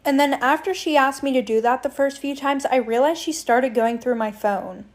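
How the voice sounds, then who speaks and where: Young woman, bright high voice, candid and chatty, swears casually. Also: normal speed. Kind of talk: storytime.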